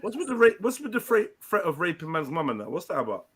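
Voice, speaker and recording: A man's voice: on the high side, sing-song, fast talker, slightly rough. A young man hosting a live panel, questioning a caller and calling out his remarks. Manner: challenging, questioning.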